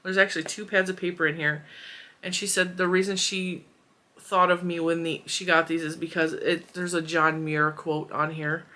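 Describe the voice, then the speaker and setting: A woman's voice: on the low side, level tone, normal speed, sharp tone. A woman in her forties hosting a crochet channel, chatting casually and emotionally as she opens mail, with giggles and fillers. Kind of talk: casual chat unboxing mail.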